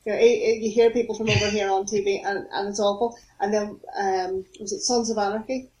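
A woman with a Northern Irish accent, a guest on a podcast, talking casually with many fillers. Her voice sounds roomy and echoey. Her pitch sits in the middle range. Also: steady tone, a little fast, darkish tone. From Northern Ireland. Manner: hesitant, full of fillers. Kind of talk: casual chat.

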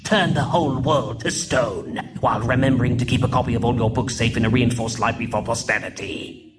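A man doing a booming commanding voice in the head. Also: steady tone, over loud music, lightly acted. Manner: slow, imperious commands. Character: booming commanding male voice inside a man's head.

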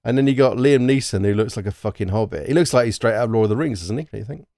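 A man's voice: medium pitch, animated, very fast, mellow, dry recording, clean studio sound. A British man chatting casually about a film, talking in bursts with lots of restarts and the odd swear word. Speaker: podcast co-host. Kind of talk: casual film-discussion chat.

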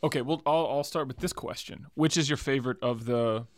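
An animated man debates a film with friends and keeps slipping into quick mock voices to act out its scenes. His pitch sits mid-range for a man. The recording is dry with no room sound. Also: dry recording. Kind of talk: casual film discussion.

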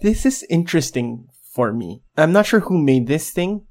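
A man's voice: on the high side, very animated, moderate pace, darkish tone. A man co-hosting a podcast in casual tech chat, teasing and laughing often as he talks. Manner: giggly, teasing, lots of laughter. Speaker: podcast co-host. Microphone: desk mic.

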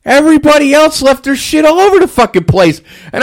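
A man venting about his fast-food restaurant job in casual chat, swearing constantly and ranting with animation. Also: extremely high pitch, sing-song.

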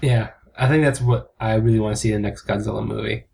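A man's voice: fairly low pitch, fairly even intonation, quick pace, vocal fry, a little mellow, breathy edge. A man co-hosting a casual comedy podcast, loose and rambling. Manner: loose, rambling, fumbles words. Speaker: podcast co-host.

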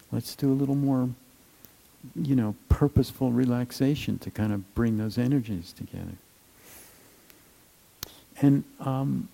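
A man giving a gentle, unhurried meditation talk, with many fillers and trailing phrases. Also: mid-range voice, gravelly, poor audio. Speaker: meditation teacher.

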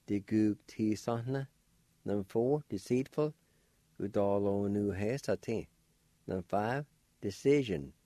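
On a radio language lesson, a male host and teacher patiently spells out words syllable by syllable and explains how to pronounce them, slowly. His voice is on the low side and warm, recorded with no echo.

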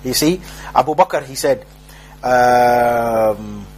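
Speaking extremely slowly in a medium-pitched, somewhat mellow voice, a young man gives an informal religious talk, telling jokey street stories and mimicking their characters in mock voices. A little hiss or hum is audible.

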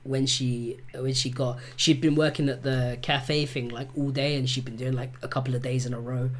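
A man, speaking at an average pitch for a man, talks in a relaxed, chatty way. He tells stories with energy and acts out the lines of the people in them. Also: normal speed. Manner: animated storyteller, acts out quotes. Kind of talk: casual podcast chat.

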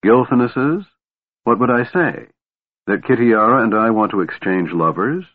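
A man's voice: medium pitch, animated, a little slow, pitched above the performer's own voice. Laurana, a man voicing an imperious elf general. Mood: bitter. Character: proud young elf woman general, cold and imperious. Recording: tinny phone-like audio.

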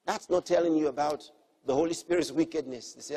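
A man preaching a sermon, earnestly teaching and repeating key phrases, moving between soft, quiet lines and emphatic ones. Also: fairly high pitch, a little fast.

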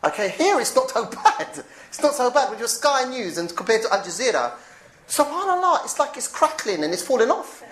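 Animated woman preaching, roomy echo. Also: a little high, brisk. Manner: animated, chuckling asides, repeats phrases. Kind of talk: informal religious talk.

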